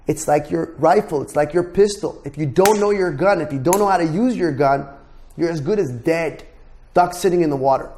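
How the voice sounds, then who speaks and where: A man's voice: fairly high pitch, moderate pace, dark tone. A man teaching real estate contracts as a broker, blunt and emphatic, swearing and repeating words to drive points home. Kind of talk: lecture to students.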